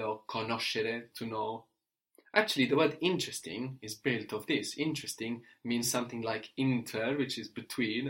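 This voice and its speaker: A man's voice: mid-range voice, a bit bright. Patient male language teacher. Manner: patient, explanatory, often adds a questioning "no?". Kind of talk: spoken language lesson.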